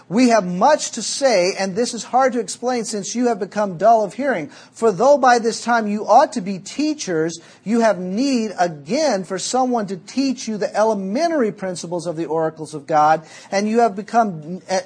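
A Southern American man delivering a sermon with a fairly high, husky voice. He preaches emphatically, drawing out key words, then drops into a quieter, chattier storytelling tone.

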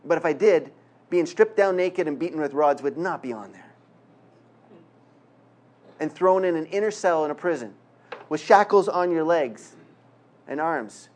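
A man preaching a sermon, reading scripture slowly and emphatically, with humorous asides. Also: on the high side, animated, a little mellow. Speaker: pastor.

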